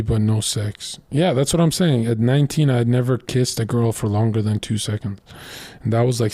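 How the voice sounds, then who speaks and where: A man's voice: on the low side, mellow, dry recording. A young man telling crude stories in a blunt, boastful casual monologue as a streamer.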